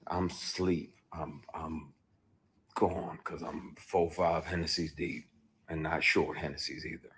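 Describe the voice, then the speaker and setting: A very low-voiced man speaking in a candid personal monologue. He tells his story bluntly and rawly, cursing freely, dropping to quiet brooding and then rising into loud bursts. A faint hiss of noise sits under his voice. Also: little pitch movement, slow. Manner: shifts between quiet brooding and loud outbursts. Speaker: actor recounting his experience.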